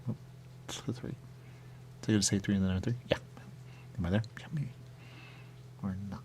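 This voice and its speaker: A man's voice: on the low side, fairly even intonation, moderate pace, darkish tone, a little hiss or hum. A man hosting a radio show, rambling and musing aloud in casual chat.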